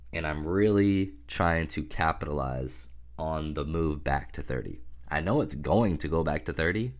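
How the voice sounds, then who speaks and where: A man's voice: very deep voice, animated, moderate pace, few pauses. A man with a sick voice, casually talking through his stock portfolio in a loose, rambling vlog with many fillers. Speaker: stock investing vlogger. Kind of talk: casual portfolio update to camera.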